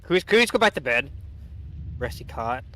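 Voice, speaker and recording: A young man talking casually over gameplay into a headset, rambling and swearing often. His throat is sore, and his voice is bright on a dry, close mic. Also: medium pitch, sing-song, fairly quick, no room sound. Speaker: streamer.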